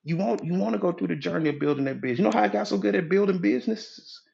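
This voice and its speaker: A man's voice: high voice, animated, rapid-fire, vocal fry, darkish tone, muffled recording. A man giving a motivational talk in a live audio app room, speaking in a preachy, folksy way, repeating his points for emphasis. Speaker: motivational speaker, hypnotherapy coach.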